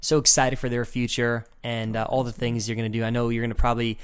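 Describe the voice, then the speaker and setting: A man's voice: mid-range voice, flat delivery, fast, clean tone. A man hosting a faith podcast, talking in an enthusiastic, rambling, encouraging way. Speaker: podcast host. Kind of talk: casual faith podcast chat.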